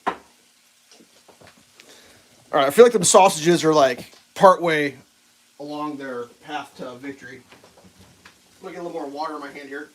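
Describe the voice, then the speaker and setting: A man's voice: on the high side, moderate pace, long pauses, slight background noise. A man chatting casually to viewers while cooking breakfast in his home kitchen, rambling and talking to his dog. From central United States. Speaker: livestream cooking host. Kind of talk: casual live-stream chat while cooking.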